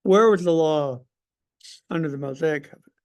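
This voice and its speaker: A man's voice: a little high, normal speed. A man leading a Sunday school class, talking in an emphatic, conversational way and putting questions to the group. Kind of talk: church class lesson.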